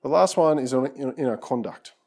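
A man's voice: medium pitch, a little fast, darkish tone, slightly rough. A man preaching a conversational sermon as pastor, often saying "you know" and repeating words, then leading a prayer.

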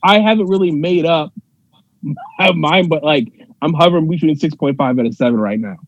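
A man's voice: fairly high pitch, moderate pace, highs cut off. A man in a casual movie review chat, thoughtful and hedging as he weighs his opinion.

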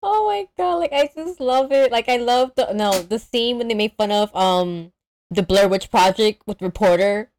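A woman co-hosting a casual movie podcast, excitable and laughing, with casual swearing. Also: fairly high pitch, moderate pace, no echo. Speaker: podcast co-host. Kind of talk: casual movie review chat.

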